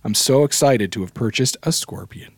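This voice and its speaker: A man voicing an eager male pinball fan with a Canadian accent, reading his message in a raised, excited voice. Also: normal speed, gravelly, husky, dry recording, clean studio sound. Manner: excited, high-pitched read-out voice.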